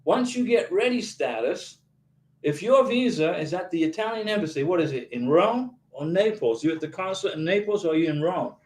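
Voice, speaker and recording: A man with a fairly high voice hosts a casual livestream, reading out viewer comments and answering each one in an emphatic, encouraging way. His voice sounds a little echoey, as if he is in a bare room. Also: animated, normal speed, a little mellow. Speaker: YouTube channel host answering viewer questions.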